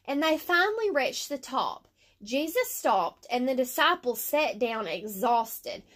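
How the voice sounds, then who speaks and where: A woman teaching a Bible story lesson, reading slowly and deliberately with fillers and self-corrections. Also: fairly high pitch, a bit bright.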